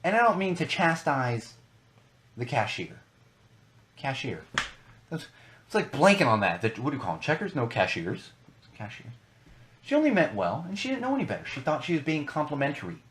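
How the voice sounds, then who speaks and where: A young man holds forth on his podcast in a loose, conversational way. His pitch swings widely as he hammers his points home, repeating phrases for emphasis. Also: moderate pace, long pauses. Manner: animated, emphatic, repeats for stress. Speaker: podcast host. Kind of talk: casual podcast rant.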